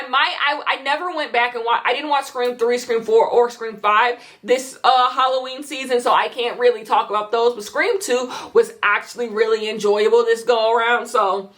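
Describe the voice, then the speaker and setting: Chatty high-voiced woman vlogger. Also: a bit bright. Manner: chatty, rambling, lots of "like" fillers; enthusiastic, emphatic repetition. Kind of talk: casual chat, movie review.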